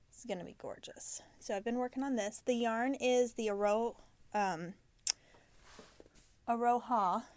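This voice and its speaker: Woman host, a little high-pitched, casual and chatty, self-correcting, knitting show-and-tell. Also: no echo. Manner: chatty, self-correcting, drops into soft asides.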